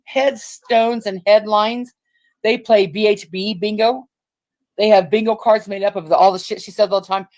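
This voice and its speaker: A woman rants about people on a livestream. Her voice sits at a middle pitch, and she swears freely. She mocks the people she talks about by acting out their words. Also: fairly even intonation, fairly quick, darkish tone. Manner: profane, mocking, acts out quotes. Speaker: livestream co-host. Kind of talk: casual ranting chat.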